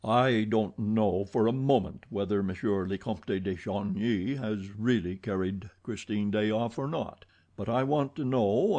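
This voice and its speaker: A man's voice: fairly low pitch, dark tone. A man playing a pompous police commissary. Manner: pompous, lecturing. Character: self-satisfied police commissary, brisk and pompous.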